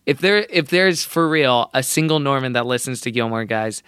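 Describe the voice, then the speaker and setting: Young guy cohosting a podcast, smooth clear voice, dry close sound, jokey and playful. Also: mid-range voice, animated, moderate pace, a bit bright, no room sound. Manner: joking, playful, laughs often. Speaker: podcast co-host. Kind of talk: casual chat.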